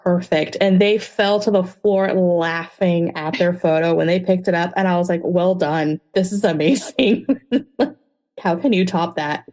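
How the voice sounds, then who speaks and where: A woman guest on a casual podcast, telling stories in a lively, animated way. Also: on the low side, measured pace. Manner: lively storyteller, animated, laughs easily.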